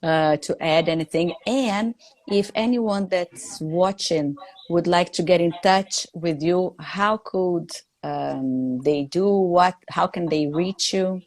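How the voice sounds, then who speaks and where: Woman host, native Portuguese speaker, lowish voice, very slow pace, polite questions. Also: a little mellow. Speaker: host, English teacher. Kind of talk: casual live interview.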